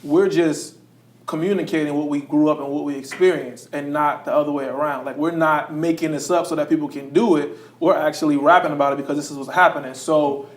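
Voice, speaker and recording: A man's voice: a little high, steady tone, brisk, reverberant. A man on a discussion panel who asks probing, thoughtful follow-up questions. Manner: questioning, thoughtful, many brief affirmations.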